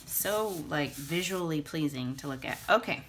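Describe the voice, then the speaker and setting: A young woman with a low, deep-set voice talks casually through a card-making tutorial, gushing over the colors and patterns as she goes. She thinks aloud while she works at a desk mic on her craft table. A faint hiss sits under the recording. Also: animated, moderate pace, a bit bright.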